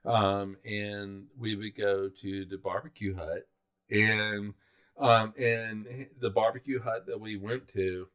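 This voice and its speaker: A man's voice: fairly low pitch, fairly even intonation, takes it slowly, a bit bright, clear, resonant tone. A middle-aged man from South Carolina, co-hosting a podcast in casual, rambling chat full of fillers and restarts. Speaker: podcast co-host.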